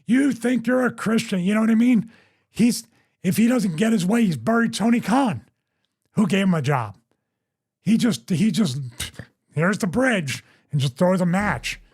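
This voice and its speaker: A man's voice: sits high, expressive, measured pace, darkish tone, slightly rough. A middle-aged man hosting a podcast, casually telling a story and acting out other people's quotes in raised voices.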